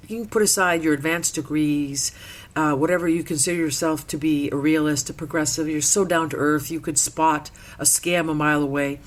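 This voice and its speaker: Earnest, lower-voiced woman in her sixties. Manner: earnest, emphatic, feeling storyteller. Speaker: interviewee. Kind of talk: personal testimony in conversation.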